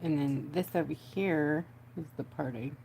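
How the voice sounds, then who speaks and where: A woman's voice: deep voice, moderate pace, creaky, warm tone, slight background noise. A chatty woman, hosting a casual craft livestream from home and talking to her viewers as she works. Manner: chatty, giggly, talks to viewers.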